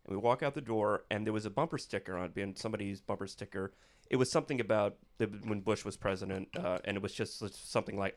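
A man's voice: lowish voice, quick pace. A man on a casual podcast, telling a long anecdote and acting out the quoted lines in changed voices. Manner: animated storyteller acting out quotes.

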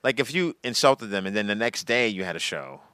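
A male comedian with a low voice that is bright and smooth talks easily about his gigs. He sounds relaxed and laughs freely. The sound is dry and close. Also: fairly quick, no room sound. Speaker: comedian guest. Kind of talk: casual chat.

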